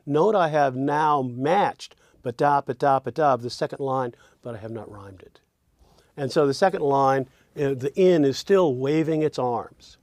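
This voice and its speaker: Male songwriting teacher, unhurried, thinks aloud, softly sings and hums draft lyrics; dry close sound. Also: medium pitch, no echo.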